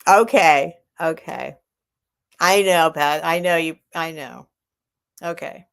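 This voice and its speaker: A woman hosting a live online sale at home, chatting casually and rambling with soft laughs. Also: deep voice, takes it slowly, creaky. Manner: rambling and warm-hearted, with frequent soft laughs. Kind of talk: casual live-stream chat.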